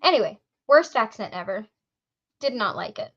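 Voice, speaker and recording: A woman co-hosts a casual chat. She tells her stories in an animated way and swears freely. Her voice is bright and high, and it comes through dull lo-fi audio. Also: normal speed. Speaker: podcast co-host.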